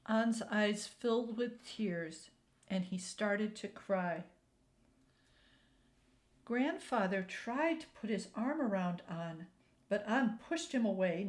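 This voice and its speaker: A woman hosting a youth storytime, reading a children's picture book aloud in a gentle, deliberate way. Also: mid-range voice. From Minnesota, USA.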